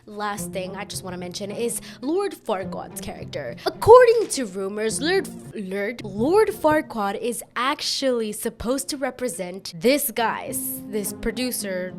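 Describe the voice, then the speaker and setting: Chatty woman over background music. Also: on the high side. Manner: chatty, rambling, self-deprecating. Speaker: YouTube commentator. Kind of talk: casual video commentary.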